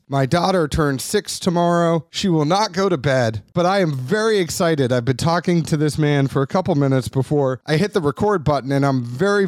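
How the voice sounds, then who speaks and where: A man's voice: on the high side, darkish tone, no room sound, clean studio sound. A man hosting a podcast, upbeat and chatty, who reads sponsor spots and then welcomes a guest. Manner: upbeat and chatty, quick bursts. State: out of breath. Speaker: podcast host. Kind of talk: sponsor reads and casual interview.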